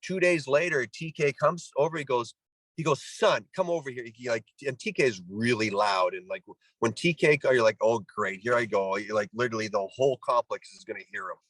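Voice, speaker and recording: Recorded dry and with poor audio, a middle-aged man speaks briskly in a mid-range voice. He's a Canadian former pro ball player guesting on a casual interview, telling a story with animation, imitating quoted voices, and restarting sentences a lot.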